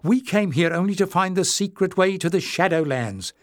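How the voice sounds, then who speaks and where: A man's voice: high-pitched, animated, normal speed, no room sound, voice pushed up. A man playing a stubborn young heroine from a fantasy storybook, urgent and emphatic, her voice raised well above his own. The sound is dry and close.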